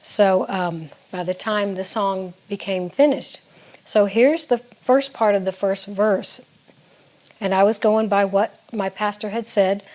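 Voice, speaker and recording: A woman songwriter speaks straight to the viewer in a relaxed, chatty way. She explains her writing with earnest reflection, and her voice sits at an ordinary middle pitch. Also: unhurried. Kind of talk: casual talk to camera.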